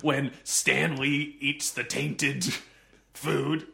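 Gravelly, bright-voiced comedy podcast man. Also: mid-range voice. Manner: absurd deadpan riffing, quick to laugh. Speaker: podcast co-host. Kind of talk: improvised comedy banter.

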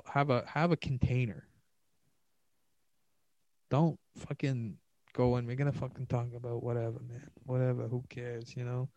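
A man's voice: medium pitch, gravelly, darkish tone, no room sound, low-quality recording. Solo podcast host, male comedian: loose, swearing, self-mocking ramble, dry close mic.

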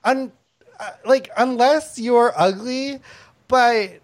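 A woman's voice: fairly high pitch, slow, slight background noise. A woman hosting a comedy panel chat, blunt and antagonistic, who laughs often between her lines. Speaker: panel show host.

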